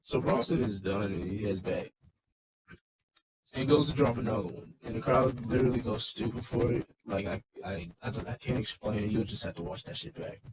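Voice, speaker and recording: A man's voice: lowish voice, moderate pace, noisy background. Casual swearing man recapping wrestling. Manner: loose, swearing, rambling asides. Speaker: wrestling show reviewer.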